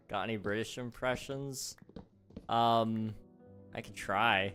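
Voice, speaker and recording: A man's voice: lowish voice, steady tone, takes it slowly, fairly bright tone, faint music behind. A young man hosting a live gaming stream, chatting casually, laughing often and answering his chat aloud. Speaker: livestream host.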